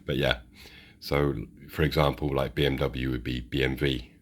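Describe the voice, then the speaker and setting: Speaking at a normal speed in a rumbling low, level tone, a British man chats and rambles while unboxing and showing off model trains for his railway channel. He often restarts his sentences.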